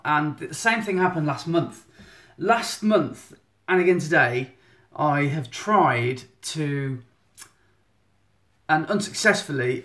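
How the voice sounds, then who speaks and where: A man's voice: a little high, fairly bright tone. A man, chatting casually and rambling a little as he gives a photographer's monthly live update from his phone at home. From England. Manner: chatty, rambling, self-interrupting. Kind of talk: casual live-stream chat. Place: indoor room at home. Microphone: phone at arm's length. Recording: echoey room on phone.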